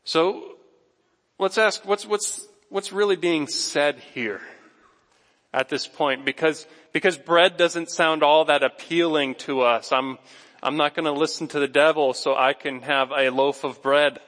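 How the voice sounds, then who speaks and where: A man's voice: on the high side, a little slow. Man preaching in an echoing hall. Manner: conversational, animated preaching that talks directly to the congregation. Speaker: pastor. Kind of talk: sermon. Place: church sanctuary.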